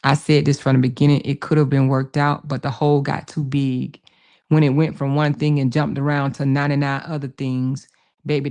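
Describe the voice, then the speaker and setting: Woman, livestream host, gravelly, repeats herself for emphasis, casual commentary. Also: a bass voice, mellow. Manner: emphatic, repeats phrases, calls viewers baby and honey.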